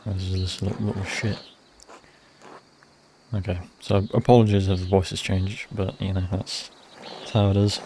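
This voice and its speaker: A man's voice: low-pitched, level tone, moderate pace, warm tone, a little hiss or hum. A man streaming a game, chatting casually and muttering to himself as he plays. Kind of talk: casual gameplay commentary.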